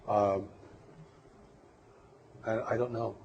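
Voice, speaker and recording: Reflective, measured man, low-pitched. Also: level tone, gravelly, a little mellow, lo-fi sound, a little hiss or hum. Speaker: interview guest. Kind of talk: earnest interview conversation.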